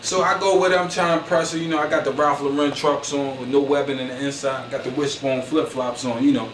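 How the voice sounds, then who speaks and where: A fast-talking comedian from Philadelphia speaks at a medium pitch with fairly even intonation, boasting and rambling in slang through a comedic story while saying "you know what I'm saying" over and over. An echoey, distant mic adds faint noise.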